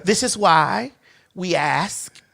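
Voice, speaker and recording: A woman's voice: on the low side, extremely slow, gravelly. Brash profane woman telling stories. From Atlanta, Georgia, USA. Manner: brash, profane, animated storytelling. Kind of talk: casual podcast chat.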